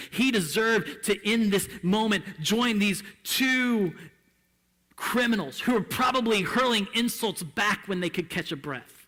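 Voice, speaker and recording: In a large church hall, a male pastor with a high voice preaches an impassioned sermon, his delivery swinging between hushed and loud.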